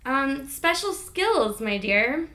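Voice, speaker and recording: A woman's voice: high-pitched, very animated, slow, sharp tone. A woman interviewing a guest in a playful, giggly, teasing way. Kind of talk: casual interview chat.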